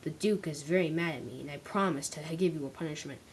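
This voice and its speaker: A woman's voice: low-pitched, quick pace, slight background noise, voice pushed down, lightly acted, rough recording. A woman voicing a stern older male railway boss who gives orders. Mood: bossy. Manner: bossy, giving orders.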